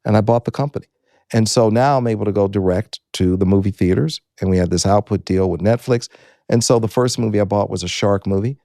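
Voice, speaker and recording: A man in his sixties from the United States tells his story as a guest in an interview. His voice sits low and mellow, and he hammers home each point by repeating it. The sound is close and dry. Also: a little fast, no echo. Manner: emphatic, repeats key phrases.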